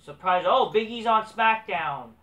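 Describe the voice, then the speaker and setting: Guy ranting through a wrestling recap, swears nonstop, bright edgy voice, sounds far off the mic in an echoey room. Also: high voice, expressive, a little slow. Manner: crude, dismissive, swears constantly. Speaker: wrestling show reviewer. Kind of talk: profane casual recap.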